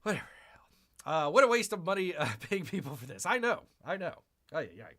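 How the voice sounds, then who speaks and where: A man hosting a live stream, commenting with sarcasm and mock exasperation. His voice is bright and sits a little high, and his pitch swings widely from line to line. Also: very animated, fairly quick. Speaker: streamer host.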